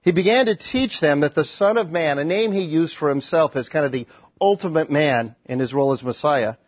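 A male pastor preaching in a conversational, animated storytelling manner with frequent restarts. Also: fairly high pitch, a little fast, no room sound. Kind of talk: sermon. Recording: dry, slightly dull recording.

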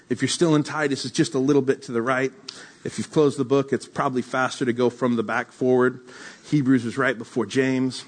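A man preaching a sermon, telling a story with lively acted-out quotes and then reading scripture to the congregation. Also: medium pitch, slightly rough. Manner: animated storyteller, acts out quotes. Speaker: pastor.

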